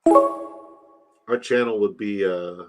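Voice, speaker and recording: A livestream host with a lowish voice draws out his words as faint music plays behind him. He chats loosely and casually, swearing and speaking directly to his chat.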